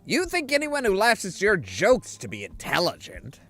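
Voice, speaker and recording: A man voicing a squeaky, snide male magical familiar creature, sarcastic in tone. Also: huge pitch swings, moderate pace, sharp tone, faint music behind, exaggerated voice.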